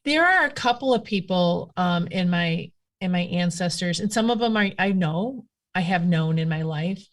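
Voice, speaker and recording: A woman's voice: fairly low pitch, moderate pace, hardly any pauses. A woman guest telling stories in a casual conversation, chatty and rambling with lots of fillers. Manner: chatty, rambling, animated storytelling with many fillers. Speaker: guest, witchcraft practitioner.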